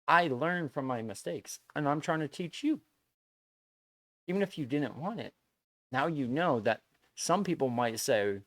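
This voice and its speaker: A man streams live and speaks earnestly and at length to his chat, lecturing, going over his points again and again, and swearing a lot. His voice is a little high, and the recording is dry.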